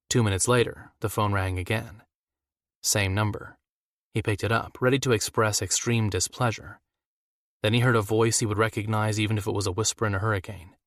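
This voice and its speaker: A man narrates a fantasy audiobook from a script, steady and measured. His pitch is fairly low, and the sound is clean studio audio with no room sound.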